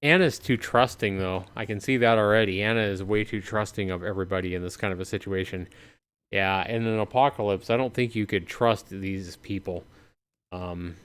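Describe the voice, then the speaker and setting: A man's voice: on the low side, normal speed, fairly bright tone, clean tone. A man streaming a game live, chatting with his viewers in casual, talkative commentary and sounding tired. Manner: chatty, talks to chat. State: tired, yawning. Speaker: livestreamer. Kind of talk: let's-play commentary.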